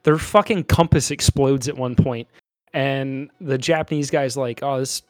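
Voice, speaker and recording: Laughing, swearing podcast co-host. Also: male voice, medium pitch, unhurried, dry recording. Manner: laughing, swearing, acting out movie quotes. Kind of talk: casual chat.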